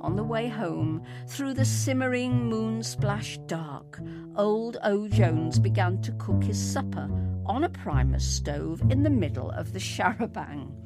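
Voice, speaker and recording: A woman narrating a story in a lyrical, expressive reading. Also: on the low side, no echo, studio quality.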